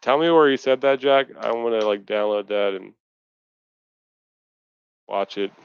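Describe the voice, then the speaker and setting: A frustrated man rants on a video call, swearing freely as he vents. His voice is smooth and clear at a middling pitch. The stream audio is dry and slightly dull. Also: measured pace, dry recording. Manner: profane, ranting, frustrated. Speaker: podcast co-host. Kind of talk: casual post-fight chat.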